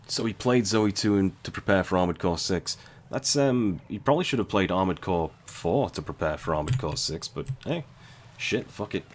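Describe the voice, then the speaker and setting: A man's voice: low voice, lively intonation, normal speed, slight background noise. A man giving casual, profane, wry commentary while he plays a video game. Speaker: gaming streamer. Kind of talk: casual let's-play commentary.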